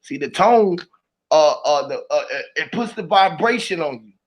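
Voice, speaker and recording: A man in a casual podcast conversation, talking in an animated, rambling, slangy way. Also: a little high, moderate pace.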